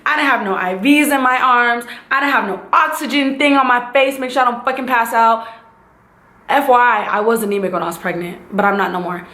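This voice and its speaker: A young woman tells a casual storytime with lots of animation, jumping into other people's voices as she goes. Her voice sits fairly high. The room around her is echoey. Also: a little fast. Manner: animated, acts out voices and sound effects. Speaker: vlogger.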